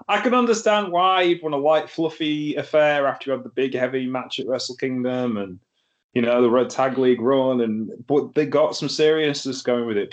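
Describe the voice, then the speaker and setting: A chatty man talks through a wrestling show in a casual podcast review. His delivery is wry, he laughs easily, and his voice sits at an ordinary mid pitch. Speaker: podcast host.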